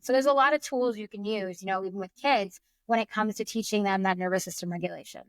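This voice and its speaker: A woman in her thirties, a breathwork coach appearing as a podcast guest, speaks fast in a medium-pitched voice with hardly any pauses. The tone is clean and the recording dry. The casual interview has her chatting freely, full of "you know" and "like".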